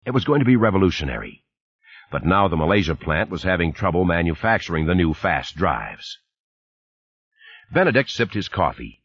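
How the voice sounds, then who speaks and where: A man narrating an audiobook in a measured storytelling manner. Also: low-pitched, big pitch swings, a bit bright, slightly rough, no room sound, lo-fi sound. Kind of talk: scripted narration.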